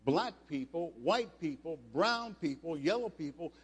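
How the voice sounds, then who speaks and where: Emphatic older preacher in an echoey hall. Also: male voice, a little high, animated, measured pace, husky. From United States. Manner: emphatic, rising to loud passages, with restarts. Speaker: preacher, former football player. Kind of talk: sermon.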